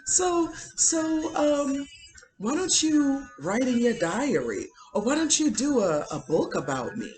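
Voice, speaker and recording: A woman putting on a high, shrill, cackling woman who laughs through her words and taunts. She sounds unhinged and mocking, pitched well above an ordinary speaking voice. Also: very animated, unhurried, slight background noise, low-quality recording.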